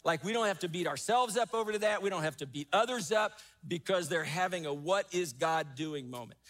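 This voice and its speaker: A man's voice: high-pitched, expressive, quick pace, fairly bright tone. A man preaching a sermon as pastor, emphatic, rising and falling, repeating key phrases.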